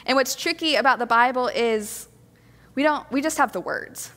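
A woman preaching a sermon to a congregation, gentle, earnest and reflective. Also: sits high, animated, moderate pace, long reverb tail.

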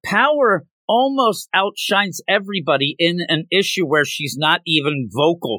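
A man chatting on a podcast about a manga chapter, bouncing through quick acted-out voices for the characters. His voice sits a touch high and comes across bright and forceful. The sound is close and dry, with hardly any room. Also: no room sound. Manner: animated, acts out characters' lines in jumpy put-on voices. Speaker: podcast co-host. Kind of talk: casual chat recapping a manga chapter.

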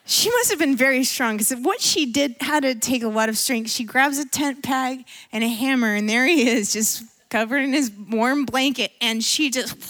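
A woman preacher giving a sermon in church, retelling a story with animated energy and frequent laughter. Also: high voice.

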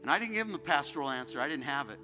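A man's voice: a little high, lively intonation, racing, music in the background. A man preaching a sermon as a guest pastor, telling an emotional personal story that builds into fervent preaching. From United States.

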